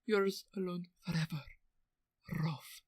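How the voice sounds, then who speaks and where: A woman's voice: fairly low pitch, slow pace, a little mellow, breathy edge, no echo. A woman reading out a lovesick carver's letter in a theatrical put-on accent, with a dry, close sound. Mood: anguished. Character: brooding lovesick male carousel carver.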